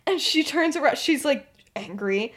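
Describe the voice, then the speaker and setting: Giggly high-voiced woman telling a story. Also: expressive, moderate pace, fairly bright tone. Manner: giggly, lots of filler "like". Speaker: podcast co-host and storyteller. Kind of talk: casual story retelling.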